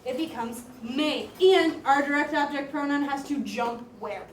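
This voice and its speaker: A woman teaching a classroom grammar lesson as a high school Spanish teacher, talking in a lively, chatty way with lots of "like". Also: a little slow. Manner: lively, chatty, uses "like" often. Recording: echoey classroom, voice far from mic, faint room noise.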